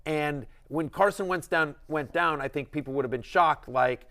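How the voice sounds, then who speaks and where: A middle-aged man hosting a fantasy football show, talking in an excitable, rambling way with many restarts. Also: on the high side, moderate pace, hardly any pauses. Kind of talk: casual sports chat.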